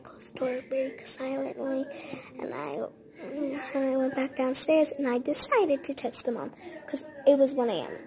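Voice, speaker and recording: A woman's voice: sits high, fairly even intonation, moderate pace, crowd noise. A woman telling a casual storytime in a chatty, rambling way, full of "like" fillers.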